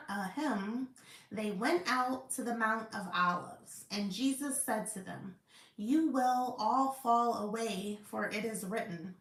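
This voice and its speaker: Slow, careful woman reading scripture, roomy echo. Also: a little high, a bit bright. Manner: careful, deliberate reading with occasional stumbles and apologies. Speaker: Bible study host. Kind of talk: reading scripture aloud and quiz review.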